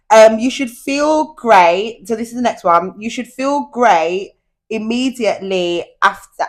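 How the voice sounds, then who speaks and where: A young woman hosts her podcast from home in a relaxed, chatty way. She speaks in a fairly low voice. She confides in her listeners as if they were friends. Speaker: podcast host. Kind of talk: casual solo podcast chat. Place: at home, indoors.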